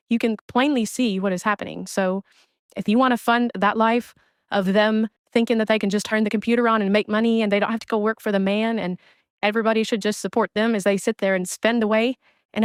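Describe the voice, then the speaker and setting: A woman's voice: mid-range voice, clean tone, no echo. A woman delivering a blunt, scornful commentary rant, speaking close to the mic. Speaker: commentary creator. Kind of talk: ranting commentary on another streamer.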